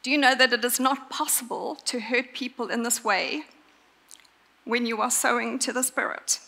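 A woman preaches a sermon with a bright, forceful voice set fairly high. She talks earnestly and leans hard on her key points, and her words ring out with the long echo of a church hall. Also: fairly even intonation, gravelly. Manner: earnest, emphatic, with pauses for stress.

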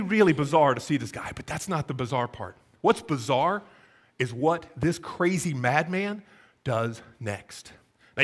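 A middle-aged pastor preaching a sermon in a church, acting out scenes and joking with the congregation. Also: male voice, high voice, husky. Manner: animated, folksy, acts out scenes and asides to the congregation. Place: church sanctuary.

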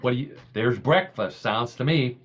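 A man's voice: mid-range voice, moderate pace, dull audio. A man hosting a podcast in casual, comedic chat, telling jokes and laughing often. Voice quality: jokey, laughs often, tells gags. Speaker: podcast host.

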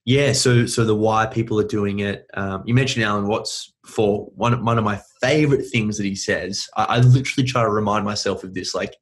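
A man's voice: lowish voice, a little fast, few pauses. A man hosting a podcast, chatting casually and asking questions with enthusiasm. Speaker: podcast host. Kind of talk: casual interview chat.

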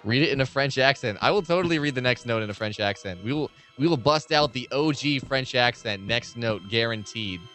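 A man streams a horror game live and chats loosely with his viewers. He rambles and swears freely in a lively, up-and-down voice of middle pitch, with faint game music underneath. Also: fairly quick, few pauses. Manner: rambling, profane, chatting with viewers.

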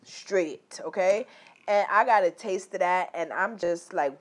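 A woman's voice: lowish voice, measured pace. A woman telling a personal story straight to her viewers, loose, emphatic and heavy on swearing. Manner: loose, profane, emphatic, addresses viewers directly. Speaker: vlogger.

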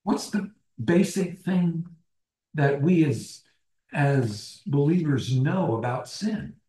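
A man leads a small-group Bible study at an unhurried pace, circling back over his phrases and putting questions to the group. His tone is mellow and low-lit, and the room around him gives off a noticeable echo. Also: animated. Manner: deliberate, restating phrases and posing questions to the group. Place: church meeting room. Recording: roomy echo.

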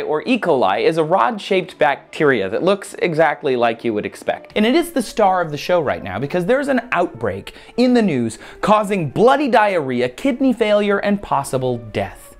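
A woman hosting a science explainer video, playful and jokey with lively asides. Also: on the low side, moderate pace, hardly any pauses, soft background music.

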